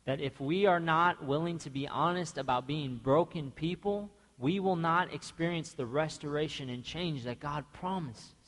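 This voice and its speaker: A man's voice: fairly high pitch, moderate pace, hardly any pauses, fairly bright tone. A man preaching a sermon in a church, passionately acting out the people in the story he tells. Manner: impassioned, acts out biblical speakers. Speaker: pastor. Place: church sanctuary. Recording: church sanctuary with long reverb.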